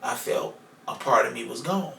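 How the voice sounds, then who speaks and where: A man on a podcast telling a personal story in a casual, profane way, going from loud to hushed. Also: medium pitch, moderate pace, creaky. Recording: echoey room, mic far off, faint noise.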